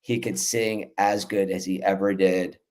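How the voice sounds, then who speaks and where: A man's voice: low voice, level tone, unhurried, a little mellow. A man, a festival organizer guest, telling loose stories with fillers and cursing over a remote call. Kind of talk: casual podcast chat.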